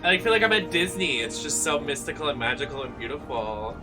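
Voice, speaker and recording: A man streaming a game live, talking in excitable, emotional commentary and swearing freely. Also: mid-range voice, fast, hardly any pauses, over music.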